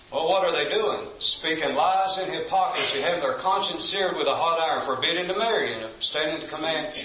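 A man's voice: fairly high pitch, slight background noise. A man teaching a Bible study in a church building, reading scripture aloud, stressing key phrases and quizzing the class with questions. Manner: emphatic, reads scripture aloud. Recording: echoey room, distant mic, dull lo-fi.

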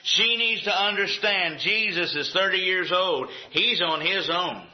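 A man's voice: high voice, a little slow. A man preaching a sermon in a folksy, conversational way with acted asides. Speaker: pastor. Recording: dull lo-fi recording.

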